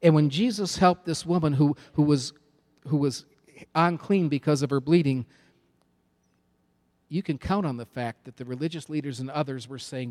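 A man's voice: on the high side, normal speed, pauses often, a little mellow. A man preaching a sermon with an emphatic, repetitive cadence.

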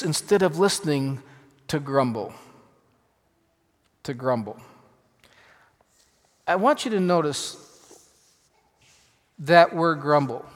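A pastor preaches in a fairly high-pitched voice, leaning into some phrases and dropping others to a near hush. His voice carries with the long reverberation of a large church hall. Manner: emphatic, dramatic shifts in loudness. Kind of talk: sermon.

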